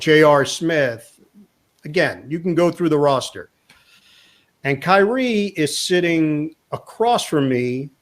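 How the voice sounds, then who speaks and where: A man with a slightly raised pitch tells a story in a chatty interview. He keeps it lively, slipping into the voices of the people he quotes. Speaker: sportscaster guest. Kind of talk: storytelling anecdote in a chat.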